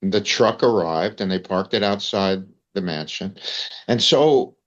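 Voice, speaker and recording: An older man from the US with a New York accent takes his time telling digressive anecdotes as an interview guest, using "you know" and "man" a lot. His voice is fairly low and a bit bright, and the audio has its highs cut off.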